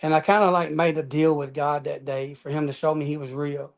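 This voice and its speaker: A man's voice, pitched a touch above the usual for a man. He tells his own story in an interview with earnest emphasis, leaning on "man" and "y'all" as he goes. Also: steady tone, fairly quick, gravelly. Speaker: interview guest. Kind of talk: personal testimony storytelling.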